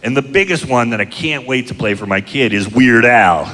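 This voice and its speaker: A middle-aged man doing a stand-up comedy set, telling crude, self-mocking stories in a deadpan way, recorded live in a comedy club. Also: medium pitch, moderate pace. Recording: live club show, long hall reverb, audience noise. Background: audience laughter.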